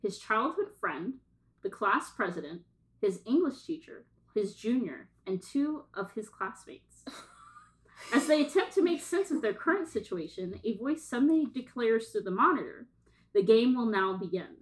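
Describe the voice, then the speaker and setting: A woman co-hosting a casual comedy podcast with friends. She laughs easily and reads blurbs aloud with dramatic pauses, in a slightly high voice. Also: big pitch swings, low-quality recording. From American South. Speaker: podcast co-host. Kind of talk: casual chat and reading descriptions aloud.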